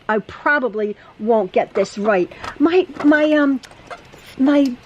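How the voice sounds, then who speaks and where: Chatty high-voiced woman teaching sewing. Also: a little hiss or hum, low-quality recording. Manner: chatty, repeats herself, stammers and restarts. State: a little out of breath. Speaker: quilting teacher. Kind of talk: casual sewing tutorial. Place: home sewing room.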